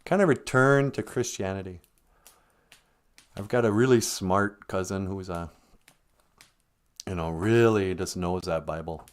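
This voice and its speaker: A man's voice: low voice, a little slow, pauses often. A man delivering a rambling, sardonic comic monologue on a live stream. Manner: sardonic, rambling, with mocking put-on voices.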